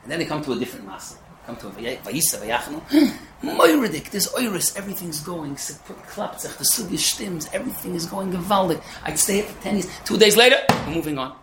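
A man's voice: a little high, fast, background noise. A man giving a Torah lecture, telling stories with words mixed in. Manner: animated storytelling peppered with Yiddish. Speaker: yeshiva lecturer. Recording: echoey room with faint ambience.

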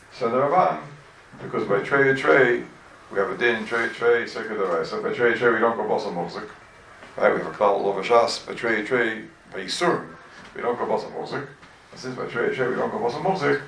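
Gravelly-voiced man teaching Talmud class. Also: medium pitch, a little hiss or hum. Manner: animated, rhetorical questions, addresses students. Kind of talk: lively Talmud class lecture. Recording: echoey room, voice from a distance.

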